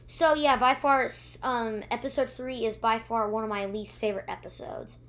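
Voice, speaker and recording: A woman's voice: on the high side, steady tone, normal speed, hardly any pauses, a bit bright. A female reviewer recapping episodes in a rambling way, with many ums and restarts, acting out the characters' lines. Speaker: video reviewer.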